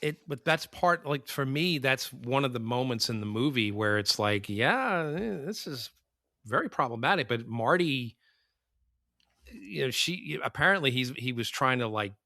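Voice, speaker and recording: A man's voice: mid-range voice, expressive, moderate pace, pushed and bright, no room sound, studio quality. A man co-hosting a podcast, talking casually and animatedly about a film. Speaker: podcast co-host.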